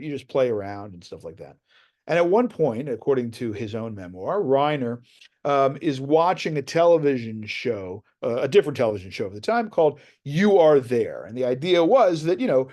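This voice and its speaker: A man giving an academic lecture in a conversational, storytelling way, full of fillers and asides asking "right?". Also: mid-range voice. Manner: animated storytelling with many fillers and "right?" tags. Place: lecture hall.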